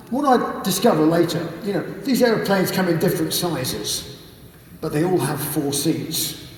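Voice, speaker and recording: A man telling an animated, colorful anecdote live on stage at a book evening, swearing casually. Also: a little high. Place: large conference hall on stage. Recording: echoey hall, distant mic, faint noise.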